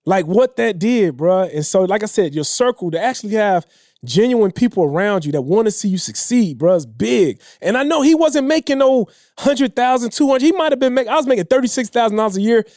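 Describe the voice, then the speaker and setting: A man in his thirties telling a personal story in a casual, emotional way, dropping low and quiet when he quotes others. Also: animated, a little fast, dry recording, clean studio sound. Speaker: podcast guest.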